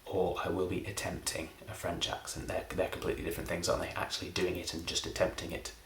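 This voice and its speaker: A man doing deadpan, self-mocking comic patter as a magician presenting a card trick. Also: deep voice, quick pace, a little hiss or hum. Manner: dry, deadpan self-deprecating delivery. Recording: roomy echo.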